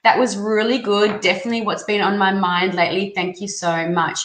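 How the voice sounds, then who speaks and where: A woman hosting a casual live-stream tarot reading, chatty and excitable as she reads out viewer comments. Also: mid-range voice, moderate pace. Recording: echoey room, faint background noise.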